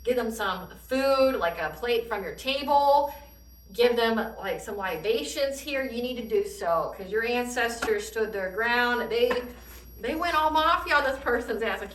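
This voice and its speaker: A woman giving a casual tarot reading in an animated way, swearing freely and laughing often. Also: fairly high pitch, unhurried, roomy sound, far from the mic, poor audio. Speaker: tarot reader.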